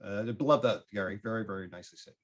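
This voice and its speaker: A man's voice: lowish voice, rapid-fire. A man in an academic discussion chiming in with short approving remarks. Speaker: guest.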